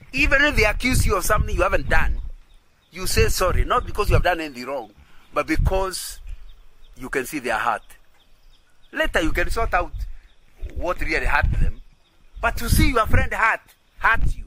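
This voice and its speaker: A man's voice: sits high, big pitch swings, normal speed, pauses often, background noise. A man teaching in a sermon style who keeps checking that listeners agree and often repeats and restarts his phrases. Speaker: Christian teacher.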